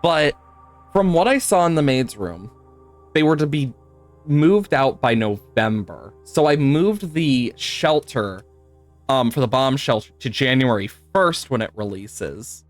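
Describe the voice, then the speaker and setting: A man's voice: mid-range voice, animated, a little slow, soft background music. A man streaming a puzzle game live, chatting to viewers, laughing often and swearing now and then. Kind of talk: live gameplay commentary.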